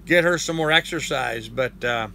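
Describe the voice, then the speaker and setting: A man's voice: mid-range voice, moderate pace, vocal fry, bright, forceful tone, slight background noise. An older man hosting a casual live chat from home. He rambles, thanks viewers by name and coos at his dog. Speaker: live-stream host.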